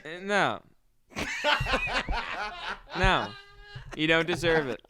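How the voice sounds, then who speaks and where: A man co-hosting a podcast, spinning deadpan comic stories and playfully refusing his co-hosts. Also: fairly high pitch, drawn-out words, a loud crowd. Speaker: podcast co-host. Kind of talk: crude comedic banter.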